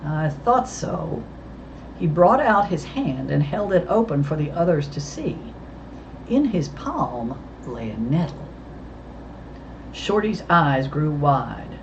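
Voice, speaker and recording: Low-voiced woman reading a storybook. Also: big pitch swings, slow, highs cut off, a little hiss or hum. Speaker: audiobook reader. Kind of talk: storybook narration.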